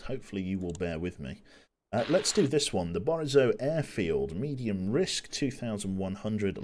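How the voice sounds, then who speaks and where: A young male streamer with a lowish voice that swings up and down a lot as he talks through his game. He keeps up a chatty, joking patter with his viewers, with a faint hiss of noise behind him. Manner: chatty, joking, talks to chat while playing. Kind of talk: casual gameplay commentary.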